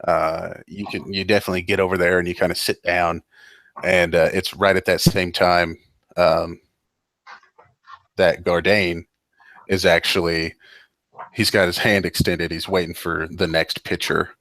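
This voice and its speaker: A man's voice: sits low, little pitch movement, a little slow, long pauses, a bit bright, no room sound. A man narrating as game master, rambling with lots of fillers and restarts.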